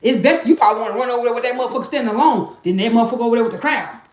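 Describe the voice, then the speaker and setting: A woman's voice: on the high side, racing, echoey room. A woman, talking emphatically and profanely in a casual live-stream monologue, repeating her catchphrases. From Mississippi, US. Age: late 30s. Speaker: livestreamer.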